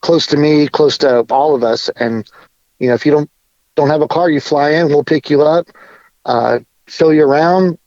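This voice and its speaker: A man talking casually as a podcast guest, laid-back and a bit halting. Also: fairly high pitch, darkish tone, dry recording. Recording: dull lo-fi audio.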